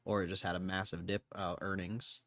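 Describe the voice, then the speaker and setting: Man, fairly low voice, casual livestream talk, thinks aloud, swears freely. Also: little pitch movement, fairly quick, a bit bright, no room sound, clean studio sound. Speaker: stock market livestreamer. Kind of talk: casual live-stream commentary.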